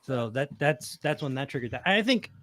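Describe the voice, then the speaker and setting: A man co-hosting a podcast in relaxed, casual chat, looking back on events. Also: medium pitch, normal speed. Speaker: podcast co-host.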